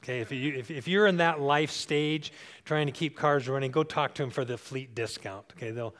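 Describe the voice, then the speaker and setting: A man's voice: medium pitch, moderate pace, fairly bright tone. A pastor in his sixties preaching a sermon in a church, talking conversationally, checking in with the congregation and repeating phrases for emphasis.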